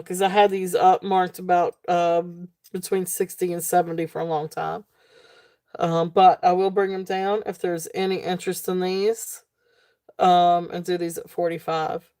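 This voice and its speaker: A woman hosting a live jewelry sale stream, talking casually with many fillers and a relaxed, tired manner. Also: fairly low pitch, dry recording, studio quality.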